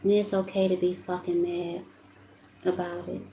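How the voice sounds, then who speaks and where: A woman's voice: on the low side, flat delivery, moderate pace, mellow, slight background noise. A young adult woman giving an emotional, casual tarot reading, talking to her viewers as y'all. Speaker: tarot reader. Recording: echoey room with faint ambience.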